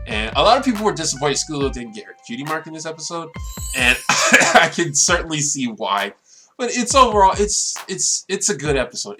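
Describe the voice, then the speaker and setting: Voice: mid-range voice, sharp tone. A show reviewer giving a casual, earnest and emotional episode review who talks at length.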